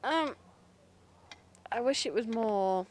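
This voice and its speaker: A woman with a Black Country accent, chatting casually as she plays a game on stream and thinks out loud. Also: on the high side, lively intonation, slow pace, slight background noise. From England. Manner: chatty, thinking aloud with fillers. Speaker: gaming streamer. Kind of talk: casual gameplay commentary.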